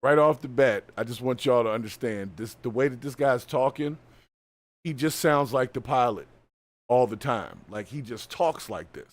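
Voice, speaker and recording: A man hosting a live stream, reacting to a video with casual, animated, colloquial commentary. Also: mid-range voice, moderate pace. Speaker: host.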